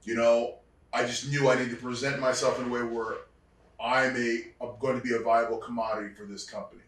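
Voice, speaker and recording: A man's voice: mid-range voice, level tone, brisk, fairly bright tone, slight background noise. A man, a former wrestler, tells reflective stories in an interview, restarting often and acting out the people he quotes. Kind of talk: storytelling interview. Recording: echoey room, distant mic.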